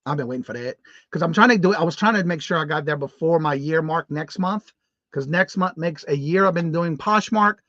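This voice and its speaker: A man's voice: a little high, fairly quick, fairly bright tone, dry recording. Chatty man hosting a livestream. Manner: chatty, upbeat, rambling with restarts. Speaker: host of a morning live show. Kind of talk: casual live-stream chat, reading viewer comments aloud. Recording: dull, muffled lo-fi stream audio.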